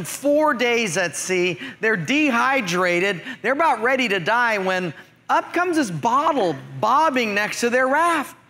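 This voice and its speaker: A male pastor preaching a sermon to his congregation, telling jokes and stories in an animated way. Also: extremely high pitch. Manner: jokey storyteller, animated.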